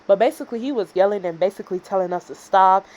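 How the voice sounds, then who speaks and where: A woman in her twenties from Houston, Texas, telling a casual storytime vlog in a dramatic way that swings from loud reenactment to quiet asides. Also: medium pitch, fast, a little hiss or hum. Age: 20s. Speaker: storytime vlogger.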